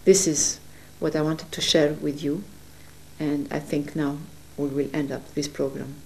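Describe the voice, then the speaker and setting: A woman giving an earnest, gentle spiritual testimony at her home, sometimes searching for words as she speaks. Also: deep voice, little pitch movement, a little slow, slight background noise. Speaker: religious speaker. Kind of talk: personal spiritual testimony to camera.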